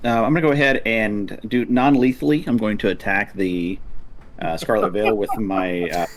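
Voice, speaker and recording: A man's voice: fairly low pitch, normal speed. A man playing a tabletop game, hesitantly thinking aloud about his move. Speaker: player. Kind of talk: casual tabletop play.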